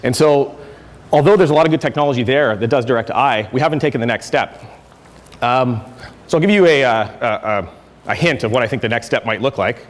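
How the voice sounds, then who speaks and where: A man gives a conference talk at a brisk pace, restarting phrases and filling gaps with "um" as he goes. His voice sits mid-range. It rings out with a long reverb from the hall. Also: medium pitch. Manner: conversational, self-correcting with fillers. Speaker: conference speaker. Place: lecture hall.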